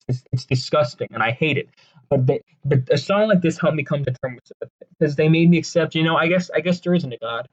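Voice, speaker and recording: Rambling deadpan man on a lo-fi mic. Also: fairly high pitch, brisk. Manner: rambling, deadpan, crude jokes, many fillers and restarts. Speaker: video creator ranking songs. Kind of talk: casual comedic commentary.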